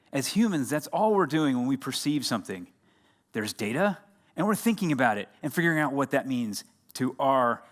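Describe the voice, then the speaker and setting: A middle-aged American man speaks on a conference stage, chatty and loose. He keeps pulling the audience in with quick questions and asides, and his voice sits at an everyday middle pitch. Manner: chatty, engaging the crowd with questions. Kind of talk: lively conference talk. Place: conference hall.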